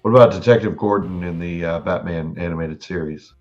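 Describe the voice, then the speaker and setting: A man's voice: deep voice, brisk, a little mellow, highs cut off, faint music behind. A man co-hosting a casual podcast chat, laid-back and often answering with short replies. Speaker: podcast co-host.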